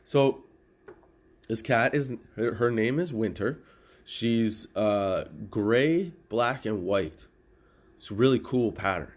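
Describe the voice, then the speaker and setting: A middle-aged man hosts a comedy podcast, slowly telling a relaxed story in a lowish voice. He's profane and animated, cursing plenty and laughing at his own jokes.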